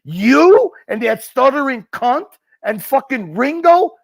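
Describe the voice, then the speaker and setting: A man's voice: very high voice, sing-song, slow pace, vocal fry. A man hosting a livestream, ranting and hurling insults in profane, mocking chat. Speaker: livestream host.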